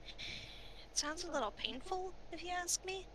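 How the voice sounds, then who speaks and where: Bright, chatty woman player. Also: very high voice, lively intonation, measured pace, slight background noise. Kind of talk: casual tabletop play.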